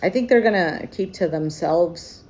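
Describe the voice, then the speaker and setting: A woman doing a casual tarot reading to camera. She is emotional and thinks out loud, with frequent hesitations. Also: on the low side, unhurried, muffled recording. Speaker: tarot reader.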